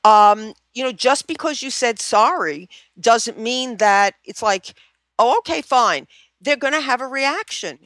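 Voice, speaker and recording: A woman's voice: fairly high pitch, animated, a little slow, hardly any pauses, a bit bright, dry recording. Chatty therapist woman, dry close sound. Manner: chatty, acts out example phrases, many fillers like "you know". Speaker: relationship therapist guest. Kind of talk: casual podcast interview.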